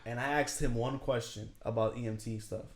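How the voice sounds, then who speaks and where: A young man hosts a loose podcast conversation, his voice pitched in the middle range. He laughs often and stumbles over repeated words. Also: fairly even intonation, brisk, crowd noise. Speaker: podcast host. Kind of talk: casual chat.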